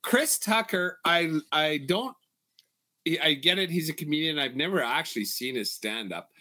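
Bright-voiced man in profane sports banter. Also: fairly high pitch, animated, moderate pace. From Canada. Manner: loose, profane and laughing. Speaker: podcast co-host.

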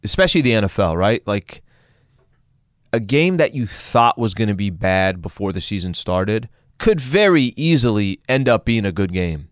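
A man co-hosting a radio show, trading quick jokes in casual banter. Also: lowish voice, expressive, dry recording, clean studio sound. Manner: joking, quick quips. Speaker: radio co-host.

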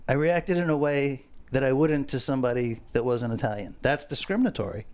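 A man's voice: mid-range voice, fairly quick, darkish tone. A man co-hosting a casual talk show, rambling and swearing as he tells stories. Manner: rambling, swearing, repeats words. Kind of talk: casual profane banter.

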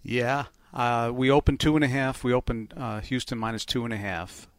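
A man's voice: medium pitch, normal speed, dry recording, studio quality. A man who works as a bookmaker, casually and methodically explaining betting lines on a podcast, laughing easily. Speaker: sportsbook bookmaker, co-host.

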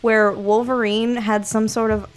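A woman's voice: a little high, little pitch movement, a little slow. A woman co-hosting a video game podcast, chatting casually in a rambling, hedging way and laughing often. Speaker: podcast co-host. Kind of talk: casual chat.

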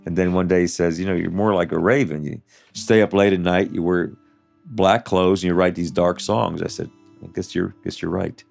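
A man in his seventies telling his life story in an interview, halting and full of restarts and "you know" fillers. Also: low voice, fairly even intonation, gravelly, a little mellow, faint music behind. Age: 70s.

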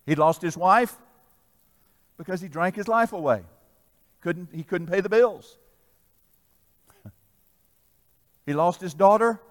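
A preacher man with a high voice delivers a sermon that swings from loud exhortation to hushed asides, drawing answers from his congregation. His voice rings out in a hall with a long reverb. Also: takes it slowly, long pauses. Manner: swings between loud exhortation and soft asides, audience call-and-response. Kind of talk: sermon with storytelling.

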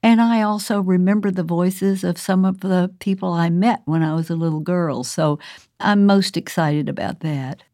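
A woman's voice: lowish voice, normal speed, mellow, no echo, studio quality. An older woman from the American South, an author speaking casually about her work, chatty and often laughing. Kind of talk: casual recorded monologue.

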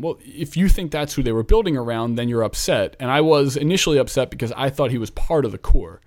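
A man from Philadelphia hosts a basketball talk show at an ordinary, mid-range pitch. He rambles and thinks aloud in a chatty, unscripted way. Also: expressive, quick pace, a little mellow. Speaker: basketball podcast host. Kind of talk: casual sports talk.

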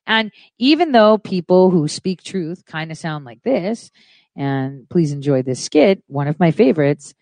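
A woman's voice: fairly low pitch, lively intonation, measured pace, a little mellow, dry recording. A woman vlogger giving hesitant, casual commentary full of fillers.

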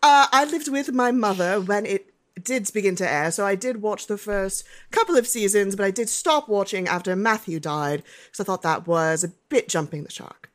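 A woman's voice: mid-range voice, normal speed. A woman co-hosting a comedy chat, joking playfully in mock-posh British phrasing. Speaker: podcast co-host.

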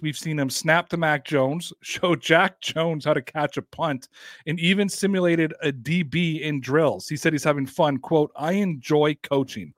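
A man hosting a casual sports podcast, talking in an energetic, rambling way with quick asides. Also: fairly high pitch, dry recording, studio quality. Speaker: podcast host.

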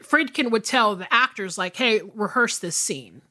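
A woman's voice: fairly high pitch, animated, normal speed, pushed and bright. A woman co-hosting a movie podcast, chatting casually and rambling with lots of fillers. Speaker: podcast co-host.

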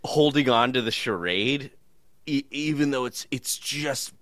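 A man co-hosting a podcast, talking casually in a halting way, searching for words and repeating himself. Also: mid-range voice, fairly bright tone, no echo. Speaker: podcast co-host. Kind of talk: casual chat.

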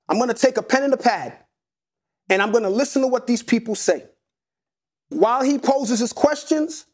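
A man in middle age, a real estate investor guest, telling his personal story in an earnest, emotional way and repeating key phrases. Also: very high-pitched. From United States. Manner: earnest, repetitive, animated storytelling.

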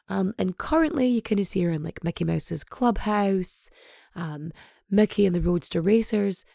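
Woman podcast host, 30s-40s, voice half gone: husky, nasal, mellow and dark, loose and irreverent. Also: mid-range voice, no echo, studio quality. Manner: swears freely, rambling and jokey. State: hoarse, voice partly gone. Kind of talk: casual, irreverent podcast chat.

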